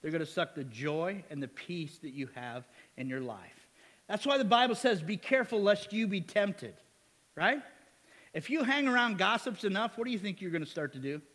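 Guy preaching, high voice, chatty with the crowd, lots of "amen?", echoey church hall. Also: moderate pace. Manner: lively, asks the congregation "amen?", chuckles often. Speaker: pastor. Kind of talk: sermon.

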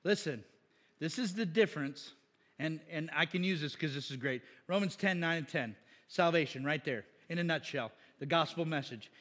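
Pastor, male, slightly high voice. Casual, joking sermon delivery with loud emphatic peaks, echoing church hall. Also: moderate pace. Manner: jokey, laughs often, rises to loud emphatic peaks. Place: church sanctuary.

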